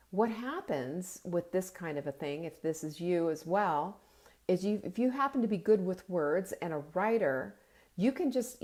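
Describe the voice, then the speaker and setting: A woman's voice: on the low side, darkish tone. A woman hosting a casual inspirational talk on a live video stream, earnest and conversational, speaking directly to her listeners. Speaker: host.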